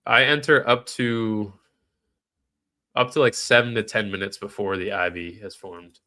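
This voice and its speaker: A man's voice: on the low side, steady tone, unhurried, bright, forceful tone. A man with a nasal, stuffed-up voice, live-streaming trading commentary in a casual way, thinking aloud and answering chat questions.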